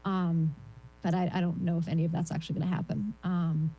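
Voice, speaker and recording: A woman doing a rambling, self-deprecating stand-up set over a video call, with a voice she calls shrill and lots of ums. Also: level tone, a little fast, mellow, lo-fi sound. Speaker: stand-up comedian.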